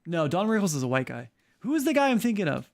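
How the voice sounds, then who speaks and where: A man's voice: high voice, sing-song, fast talker, gravelly. Rambling man casting a game tournament. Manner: rambling, joking, full of fillers. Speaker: host and caster. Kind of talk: casual esports shoutcasting stream.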